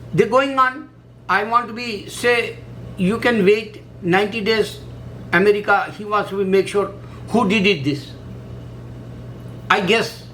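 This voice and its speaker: A man speaking halting, repetitive in a casual monologue, full of fillers. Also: high voice, fairly bright tone, a little hiss or hum, poor audio. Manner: halting, repetitive non-native English with many fillers. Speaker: religious video maker.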